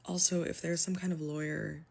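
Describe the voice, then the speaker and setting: Near tears and frustrated, a woman in her twenties who works in the public sector recounts her story on video. She speaks low and creaky with little pitch movement, a moderate pace and a slightly mellow tone.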